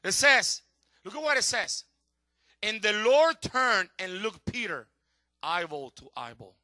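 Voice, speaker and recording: This middle-aged male pastor's high voice swings widely in pitch as he delivers a passionate sermon at a slightly slow pace, moving from shouts to near hushes. His English grammar is a little non-native, and there's no echo.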